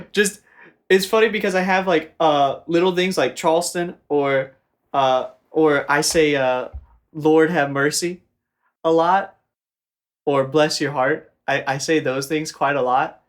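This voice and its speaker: A young Southern American man co-hosts a game playthrough, rambling through casual let's-play chat and laughing often. His voice is fairly high with fairly even intonation, and he speaks a little slowly.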